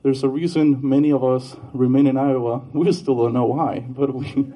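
A man giving a heartfelt memorial speech, halting, with fillers and soft laughs. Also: mid-range voice, steady tone. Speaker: memorial speaker, boyfriend. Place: Iowa.

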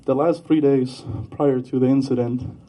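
A man giving a heartfelt memorial speech, halting, with fillers and soft laughs. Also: mid-range voice, fairly even intonation, highs cut off. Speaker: memorial speaker, boyfriend. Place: Iowa.

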